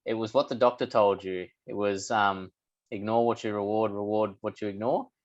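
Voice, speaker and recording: A man asking a coach a question, hesitant and halting, over a dull, lo-fi call line. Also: lowish voice, steady tone. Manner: hesitant, with many fillers.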